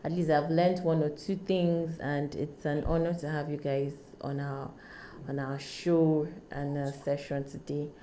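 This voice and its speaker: Woman, podcast host, deep voice, warm mellow tone, gracious. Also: flat delivery, unhurried, slight background noise. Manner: short backchannels, gracious sign-off. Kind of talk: casual podcast hosting.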